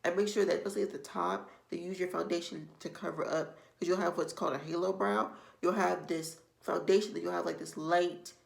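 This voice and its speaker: A woman's voice: fairly low pitch, fairly even intonation, a little fast, gravelly, hardly any pauses. A woman beauty vlogger giving casual makeup tips to the camera, chatty and meandering, often circling back with "like I said". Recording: echoey room.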